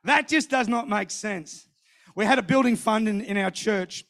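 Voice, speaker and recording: A middle-aged man preaching a sermon, telling a personal story in an animated way, acting out what others said and repeating phrases. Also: high-pitched, moderate pace, gravelly.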